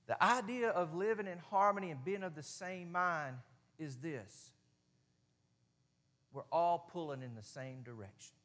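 In a church sanctuary, a preacher with a Southern US accent gives a sermon at a measured pace, his voice high for a man. His delivery is folksy and plain-spoken, swelling into loud passages before falling to a hush.

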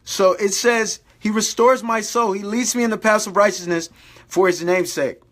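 A man's voice: high voice, fairly even intonation, normal speed, a bit bright. A man giving an informal sermon to online viewers, exhorting them, repeating phrases and calling them "guys". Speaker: preacher.

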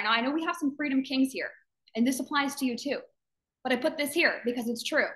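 Speaking a little fast in a high, fairly bright voice, a woman rallies the members of her business community over a live video call. As its founder she is fervent and emphatic, echoing phrases for emphasis and voicing others' doubts in quotes.

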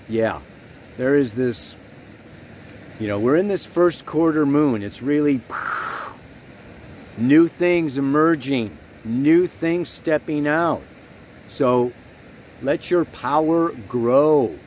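A man's voice: mid-range voice, slow pace, long pauses, a little mellow, a little hiss or hum. A man giving a rambling, earnest spiritual astrology talk, leaning hard on key words.

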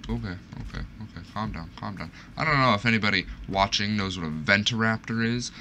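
A man's voice: fairly low pitch, brisk, pushed and bright, slight background noise. A young man streaming gameplay, talking to the game in a panicky, self-mocking way as things go wrong. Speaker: gaming streamer. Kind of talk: live gameplay commentary.

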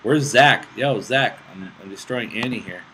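A young man hosting casual gameplay commentary, excitable and self-mocking, swearing often while playing on a laptop with friends nearby. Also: lowish voice, normal speed. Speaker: gaming channel host. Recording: steady background noise with mouse clicks.

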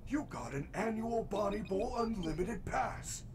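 A cheery prize-machine announcer from a video game, with a bright promotional pitch. The voice sits high and upbeat. Clear game music plays underneath. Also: male voice, expressive, measured pace.

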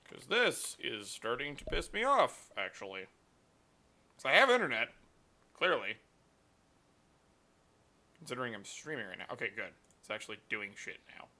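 A man's voice: mid-range voice, very animated, normal speed, long pauses, pushed and bright. A man streaming live, ranting in a profane, exasperated way at his computer.

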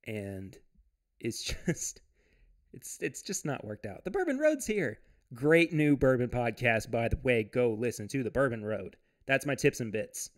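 A man hosting a casual livestream from home. He reads viewer comments aloud, chats loosely, laughs often and restarts his sentences. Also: mid-range voice. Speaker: podcast host.

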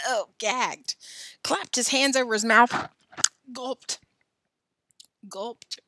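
A woman reads a children's storybook aloud in a bright, clear voice. Her delivery is expressive and unhurried, with small casual asides. The sound is dry and close to the mic. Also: a little high, dry recording. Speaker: storybook reader. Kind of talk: reading a children's novel aloud.

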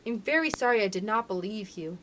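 A woman voicing an honest, brave young miner boy in a storybook reading, dropping her voice lower and speaking steadily. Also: animated, brisk, fairly bright tone, slight background noise, natural voice. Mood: earnest.

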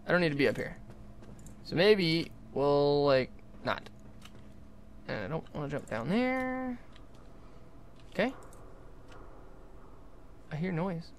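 Excitable young gaming livestreamer, lively pitch. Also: takes it slowly, pauses often, a little hiss or hum. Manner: excitable, jokey, talks to game characters. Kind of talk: live gameplay commentary.

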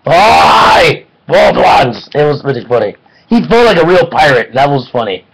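A man giving a casual online film review, excitable and rambling, with jokes between points. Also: medium pitch, a little fast, poor audio.

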